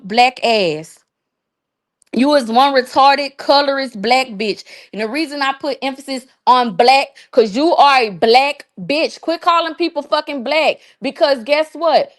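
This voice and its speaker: High-voiced woman ranting on a livestream. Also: fairly bright tone. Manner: profane, mocking, drawn-out repetitions. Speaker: livestream host. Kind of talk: casual livestream rant.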